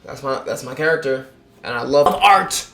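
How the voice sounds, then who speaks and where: A man voicing a cocky, loyal young male tennis player, speaking in a crude, mumbled, low-key way. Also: animated, normal speed, over music, lightly acted. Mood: brash.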